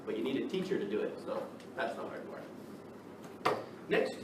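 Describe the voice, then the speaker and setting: A man from the United States teaching an English class, lively and checking in with the students by asking "right?" again and again. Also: mid-range voice, a little slow. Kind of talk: classroom lecture. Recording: echoey classroom from far off, noisy.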